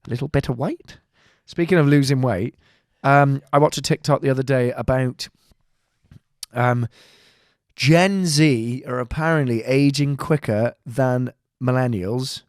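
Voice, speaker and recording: A man co-hosting a casual comedy podcast, spinning stories with sweary asides and mock voices. His pitch sits right in the middle for a man. The sound is close and dry, with no room around it. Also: unhurried, dry recording. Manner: storytelling with sweary banter and mock impressions. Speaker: podcast co-host and actor.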